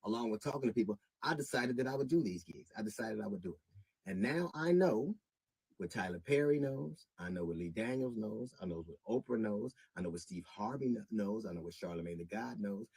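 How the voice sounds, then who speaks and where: Middle-aged man, husky voice, dry close sound; measured with halting restarts, rising to indignation. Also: fairly low pitch, expressive, a little mellow, no room sound, rough recording. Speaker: comedian. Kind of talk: public statement.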